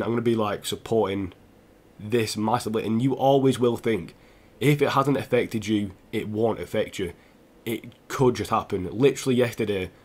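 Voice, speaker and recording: A young man, a gaming streamer, talking earnestly and haltingly to his viewers while close to tears. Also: fairly low pitch, darkish tone. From England. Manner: earnest, halting, with restarts and repeated phrases. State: tearful, close to crying. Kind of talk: emotional personal address to stream viewers.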